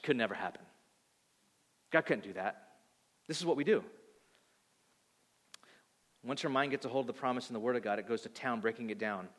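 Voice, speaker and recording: A man in his thirties preaching a sermon, animated, acting out voices and swinging between loud and soft. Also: medium pitch. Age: 30s. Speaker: pastor. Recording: long hall reverb.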